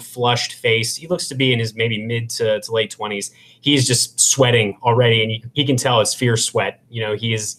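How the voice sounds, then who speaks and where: A man's voice: mid-range voice, fairly bright tone. A man at a tabletop game describing what his character does. His mid-range voice comes out hesitantly, broken up by fillers. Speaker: player.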